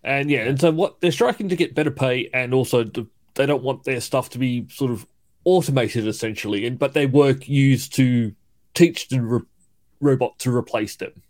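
A man's voice: mid-range voice, normal speed, darkish tone. A man from Australia with an Australian accent, co-hosting a podcast in casual chat, often restarting his sentences. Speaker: podcast co-host.

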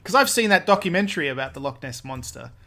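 A man's voice: fairly high pitch, big pitch swings, fast talker, pushed and bright. A man co-hosting a casual podcast, joking, laughing often and trailing off in hesitations. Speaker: podcast co-host. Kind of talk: casual chat.

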